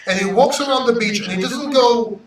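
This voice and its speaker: A Greek man hosting a crypto livestream, talking to chat in an emotional, brash way, swearing and swinging between loud and quiet. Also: very high voice, fairly quick, far from the mic. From Greece. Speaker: crypto YouTuber reading live chat. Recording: roomy echo, off-mic sound.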